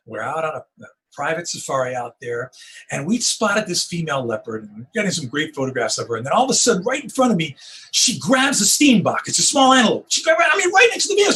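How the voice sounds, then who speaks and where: A middle-aged man, a wildlife photographer, telling stories in an interview, acting out the moments with rising excitement. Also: on the high side, fast talker, poor audio. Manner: animated storyteller, acts out moments with rising excitement. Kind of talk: storytelling interview on a video call.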